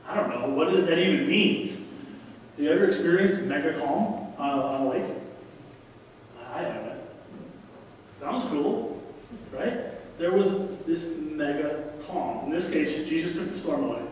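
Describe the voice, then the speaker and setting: A middle-aged man preaches a sermon in a chatty, storytelling way and keeps turning to the congregation with asides. His voice sits a little high. It is picked up from across a large church hall, so it comes through distant and heavy with echo. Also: expressive, measured pace, long pauses, slight background noise. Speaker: guest preacher. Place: church sanctuary.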